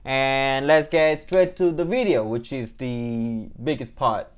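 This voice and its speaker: A man's voice: medium pitch, takes it slowly, clear, resonant tone. A man, a music producer, casually walking through how he built a track, rambling with lots of fillers and playing things down. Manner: loose and rambling, many fillers, self-deprecating. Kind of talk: casual beat breakdown walkthrough.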